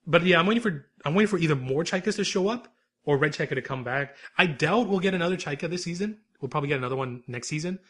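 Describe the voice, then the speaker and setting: A young man chats on his podcast with quick, wry remarks. He talks fast in a slightly high, husky voice. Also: expressive, fairly bright tone. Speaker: podcast co-host. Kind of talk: casual chat.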